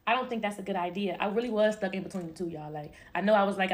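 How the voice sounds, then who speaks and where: A young woman telling a casual storytime, emphatic and slangy, acting out what others said and laughing often. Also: mid-range voice. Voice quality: animated, emphatic, quick to laugh. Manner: slangy and expressive, acting out quoted lines.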